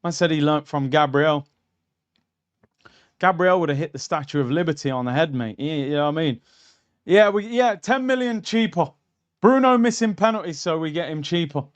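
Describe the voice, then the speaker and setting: A young man hosting a live football watchalong, reacting bluntly and excitedly to the match. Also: a little high, normal speed.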